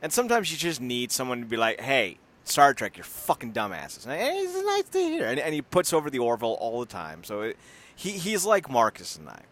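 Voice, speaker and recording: Animated man rambling on a podcast. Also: mid-range voice, fairly quick. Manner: animated, rambling, laughs often, acts out voices. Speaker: podcast co-host. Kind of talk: casual podcast chat.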